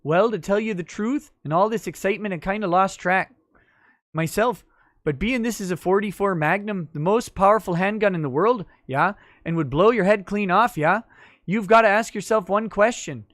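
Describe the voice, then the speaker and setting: A man's voice: high-pitched, moderate pace, fairly bright tone, no echo, clean studio sound, pitched above the performer's own voice. A man putting on the voice of a menacing male movie cop, drawling and taunting.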